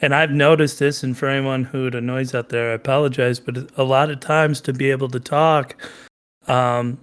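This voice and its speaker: A man's voice: medium pitch, fairly even intonation, moderate pace, a bit bright, clear, resonant tone. A young man with a mid-range voice, slightly stuffed up. He talks in a chatty, casual way and drops the odd swear word. He is a son co-hosting a family podcast with his father. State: a little stuffed up.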